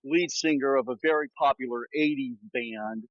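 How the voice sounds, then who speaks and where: A man's voice: medium pitch, normal speed, no echo. A male podcast host speaks candidly while walking outdoors, a little short of breath. His voice sits in a middle range. It comes through a dry, somewhat dull lo-fi recording. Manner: candid storytelling, frank about bad guests. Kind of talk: casual chat. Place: outdoors on a walk.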